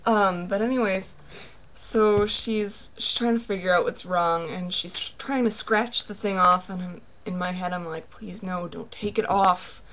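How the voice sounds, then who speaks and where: A woman's voice: mid-range voice, fairly even intonation, measured pace, a bit bright. A young woman hosting a casual vlog, telling a story in a rambling way full of fillers. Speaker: vlog co-host.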